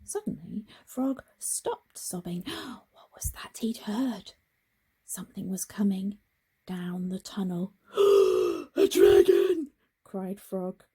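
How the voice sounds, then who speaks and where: A woman reading a picture book aloud to children in a very expressive way, with gasps and hushed whispers. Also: medium pitch, slow pace, breathy edge. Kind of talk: children's storybook read-aloud.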